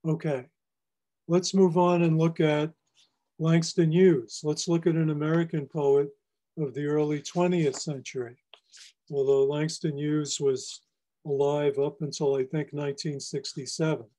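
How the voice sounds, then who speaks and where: A poet giving a library lecture on poetry, explaining lines in a measured, teacherly way. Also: male voice, on the high side, level tone, dark tone. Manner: measured, explanatory, reads lines aloud for emphasis. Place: public library presentation.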